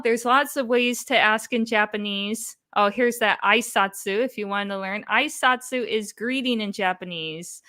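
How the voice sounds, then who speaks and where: A young woman with a Michigan accent hosting a livestream chat, upbeat and quick to laugh, switching into Japanese now and then. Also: medium pitch, sharp tone. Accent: Michigan American. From Michigan, USA. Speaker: host.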